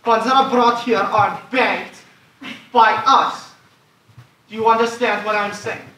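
A teenage actor playing a harried, pompous male bank official in a high school stage play, exasperated and getting frantic. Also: steady tone, a little slow, sharp tone. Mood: weary. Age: teens. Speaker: student actor. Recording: echoey hall from far off, faint hiss.

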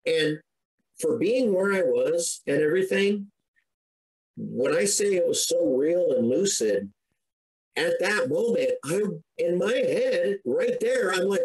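A man's voice: high voice, expressive, slow pace, darkish tone, low-quality recording. A middle-aged man, a podcast guest, earnestly recounting a personal story in a conversational way, with frequent restarts and an emotional edge.

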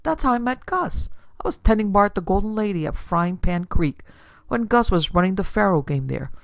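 Woman playing a boastful gruff older tycoon. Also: medium pitch, lively intonation, normal speed, dry recording, clean studio sound. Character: blustering older male businessman, ex-bartender.

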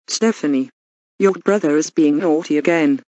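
A woman's voice: low voice, moderate pace, dark tone, dry recording, natural voice. A synthetic female voice playing a protective, caring girlfriend in a cartoon who scolds bullies and comforts her partner. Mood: scolding.

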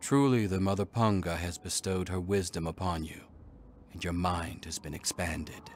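An actor playing a solemn tribal elder in a video game, speaking in grave, ceremonial phrases. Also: male voice, sits low, fairly even intonation, moderate pace, a little hiss or hum, natural voice.

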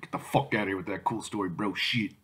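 A man's voice: deep voice, steady tone, quick pace, a bit bright, husky. A man vlogging about drinking malt liquor, ranting angrily at viewers with constant swearing. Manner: angry, foul-mouthed, insulting. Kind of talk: profane ranting vlog.

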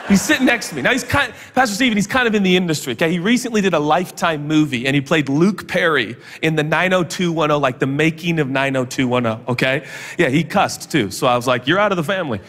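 High, lively pastor preaching in a big hall. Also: male voice. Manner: animated storytelling with jokes and quick asides. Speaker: guest pastor. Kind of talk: sermon. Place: large church auditorium. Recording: long reverb of a big church hall.

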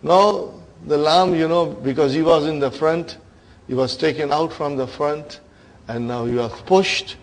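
A man's voice: on the high side, a little slow. A man teaching an Arabic grammar class, lecturing and often checking with his students through short questions.

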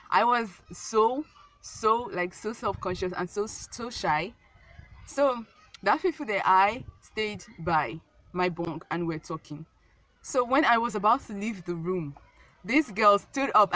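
A woman's voice: mid-range voice, fairly bright tone. A young woman telling a casual storytime vlog, rambling and repeating herself with many fillers. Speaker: vlogger.

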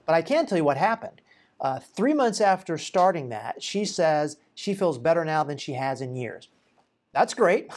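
A chiropractor talking through a patient's case in an informal, conversational way, asking rhetorical questions and pausing on fillers. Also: male voice, a little high, a little mellow. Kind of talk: informal educational talk to camera.

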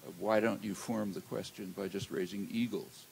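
An older man giving an academic lecture in a lecture hall, measured and halting, with many "uh" fillers. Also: lowish voice, fairly even intonation, vocal fry, darkish tone, slight background noise. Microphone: handheld or lectern mic.

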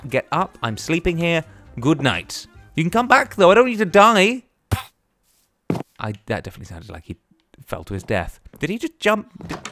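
A man narrating his own gameplay in a bouncy, excitable way, talking straight to the characters on screen. His pitch runs a little high and swings widely from line to line. Faint music plays underneath. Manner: chatty, excitable, talks to the game characters. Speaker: gaming YouTuber. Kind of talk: playful Let's Play commentary.

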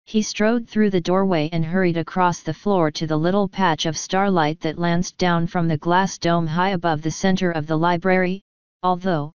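Woman reading an audiobook, very clear. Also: lowish voice, dry recording, dull audio. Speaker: audiobook narrator. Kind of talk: scripted audiobook narration.

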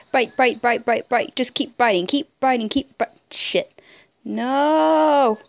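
A young woman commenting on her own online game play, muttering in frustration and breaking into high squealing shouts. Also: takes it slowly, vocal fry, dry recording. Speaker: gamer playing an online wolf game. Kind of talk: casual gameplay commentary.

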